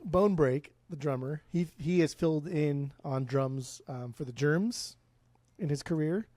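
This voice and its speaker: A man's voice: on the high side, a little slow, mellow, no echo. A man co-hosting a podcast in casual chat, rambling, swearing freely and restarting his sentences. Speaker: podcast co-host. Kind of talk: casual chat about music.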